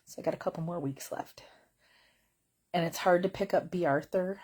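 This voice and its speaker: A woman's voice: fairly low pitch, normal speed, a little mellow, husky. A woman vlogging from bed at home in casual chat, wry and blunt, rambling with lots of fillers.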